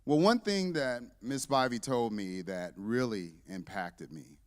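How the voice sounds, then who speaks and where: A man's voice: mid-range voice, measured pace, smooth, in a large hall. A man in his fifties, a church deacon, giving a humorous testimony to a congregation and acting out the dialogue in his story. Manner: lively, joking storyteller who acts out dialogue. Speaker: church deacon and visiting parent. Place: church sanctuary.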